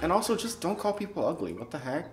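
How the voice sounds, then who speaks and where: A young man telling a funny story from his school days in a casual, animated way, acting out the quoted lines in high squeaky voices. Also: fast talker, faint music behind. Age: young adult. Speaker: storyteller vlogger. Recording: echoey room.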